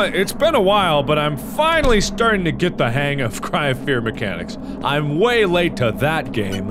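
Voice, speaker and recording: A young man giving commentary on a horror game, drifting between low mutters and sudden yells. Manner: jumpy, swings from mutters to yells. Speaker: gaming video host.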